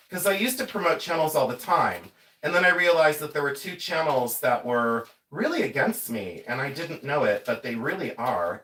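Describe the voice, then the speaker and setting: Animated, chatty man hosting a livestream. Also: a little high, a little hiss or hum. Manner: chatty, reads viewer names aloud, laughs often. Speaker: livestream host sorting jewelry. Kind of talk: casual livestream chat.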